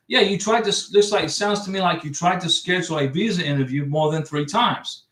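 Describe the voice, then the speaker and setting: A man's voice: high voice, fairly quick, hardly any pauses, a bit bright. A middle-aged man from the United States hosting a casual livestream, answering viewer comments in a chatty, rambling way with frequent restarts. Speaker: livestream host giving visa advice. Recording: echoey room, distant mic.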